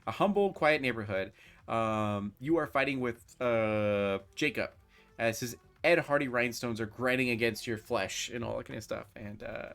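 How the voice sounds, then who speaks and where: A man's voice: medium pitch, normal speed, creaky, fairly bright tone, soft background music. A man running a tabletop role-playing game as game master, narrating in a casual way with lots of fillers. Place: home streaming setup.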